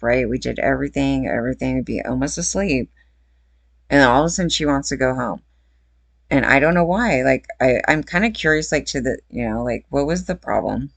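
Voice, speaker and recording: A gravelly, fry-heavy woman in her forties talks straight to her viewers in a loose, unscripted rant. Her tone is blunt and indignant, with casual swearing, and the sound is close and dry with almost no room around it. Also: extremely low pitch, no room sound. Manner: blunt, outraged, swears freely. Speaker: true-crime commentary vlogger. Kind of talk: casual reaction commentary.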